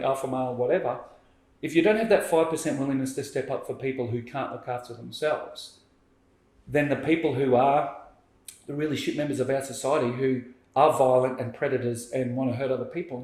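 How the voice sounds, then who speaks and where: A man, a podcast guest telling a story in lively conversation and acting out what people said. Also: medium pitch, fairly quick. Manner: animated, acts out quoted speech. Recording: roomy echo.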